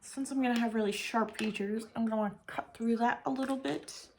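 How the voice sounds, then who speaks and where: A woman's voice: a little high, steady tone, fairly quick, a little hiss or hum. A woman makeup vlogger chatting casually to herself while she works, rambling and thinking aloud.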